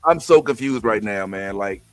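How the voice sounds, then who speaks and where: A man's voice: on the low side, animated, moderate pace, dry recording, soft background music. A middle-aged man hosting a casual chat, easygoing and slangy, with boastful banter.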